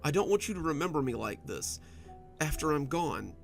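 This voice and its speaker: A man voicing a young wife who hides bad news behind a high, overly sweet voice that keeps breaking, in a read-aloud story. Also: sing-song, normal speed, gravelly, soft background music. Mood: tearful.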